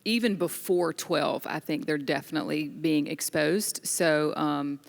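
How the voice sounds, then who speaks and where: A woman's voice: low voice, a little slow, creaky, big-room sound. A middle-aged mother telling her family's story candidly and with feeling, laughing at times. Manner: emotional, animated storytelling with laughter. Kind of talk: candid testimony in a group discussion.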